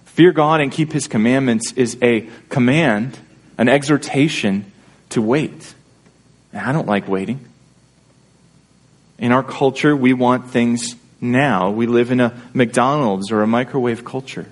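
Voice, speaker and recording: A man's voice: medium pitch, measured pace, pauses often. A man pastor preaching a sermon in an earnest, conversational way, often checking in with his listeners through rhetorical questions.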